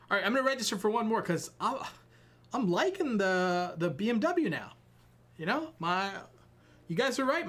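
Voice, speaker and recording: A man's voice: high-pitched, a bit bright. A young man chatting casually to his live-stream viewers between sim races, rambling and self-deprecating, tired and sweating. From Ireland. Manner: rambling, self-deprecating, talks to chat while fiddling with gear.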